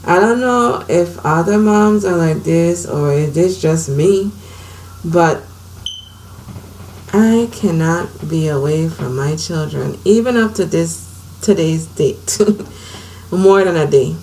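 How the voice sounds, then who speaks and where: A middle-aged woman from Saint Croix recounts her own story at home, candid and conversational. Her voice sits fairly low with a noticeable gravelly fry, and a faint hiss stays in the background. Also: animated, slow pace, a little mellow, poor audio. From Saint Croix, US Virgin Islands. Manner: candid, conversational, emotional retelling. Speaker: vlogger. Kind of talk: personal storytelling.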